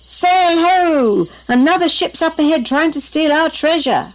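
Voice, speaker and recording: A woman's voice: mid-range voice, expressive, normal speed, lightly acted, poor audio. A woman voicing a jolly, bossy pirate-captain father who bellows commands in pirate slang, reading a bedtime story. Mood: commanding.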